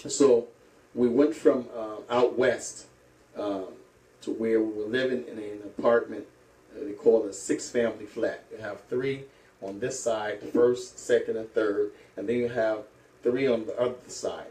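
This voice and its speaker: A middle-aged man from St. Louis, an Islamic teacher, telling his life story slowly with many pauses and hesitations. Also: mid-range voice, warm tone. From St. Louis, USA. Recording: echoey room, mic at a distance.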